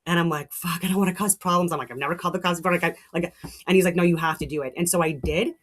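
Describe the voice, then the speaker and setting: A woman's voice: on the low side, steady tone, very fast. A middle-aged woman hosting a show, talking in a heated, rambling monologue with frequent restarts and swearing. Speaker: show host. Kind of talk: casual monologue.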